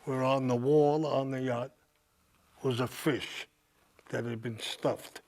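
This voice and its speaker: An older man, the guest speaker at a live cinema event, laughs his way through a rambling anecdote for the audience. He speaks slowly and steadily in a mid-range, slightly mellow voice, and the audience's crowd noise is audible.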